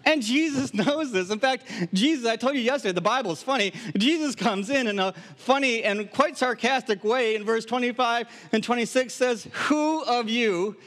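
Middle-aged male pastor, Wisconsin-raised, high voice, lively joking sermon delivery. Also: moderate pace, hardly any pauses. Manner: animated, humorous storytelling with acted asides. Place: camp gathering hall.

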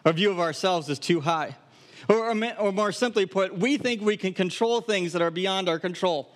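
Middle-aged male pastor, Wisconsin-raised, high voice, lively joking sermon delivery. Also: normal speed. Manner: animated, humorous storytelling with acted asides. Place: camp gathering hall.

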